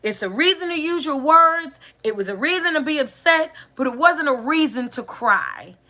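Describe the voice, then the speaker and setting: In a live-streamed inspirational talk, a woman spiritual teacher preaches to a live audience, addressing them directly. Her high voice is animated and sharp, and she speaks at a normal speed. Repeated phrases, rhetorical questions and a repetitive, preacher-like cadence drive her points home.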